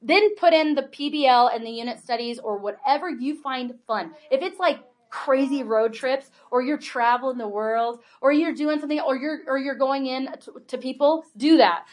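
A high-pitched woman in her forties speaks to a live audience as a homeschool presenter. She talks in a chatty way, filling her sentences with "like" and checking in with "right?" and "okay?". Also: moderate pace, few pauses. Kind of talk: workshop talk to an audience.

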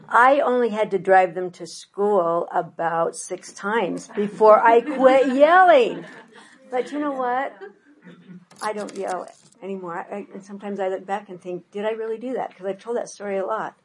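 An older woman presenting a parenting workshop, telling lively stories and acting out quoted voices. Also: medium pitch, moderate pace, poor audio. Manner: animated storyteller, acts out quoted voices. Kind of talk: workshop talk with anecdotes.

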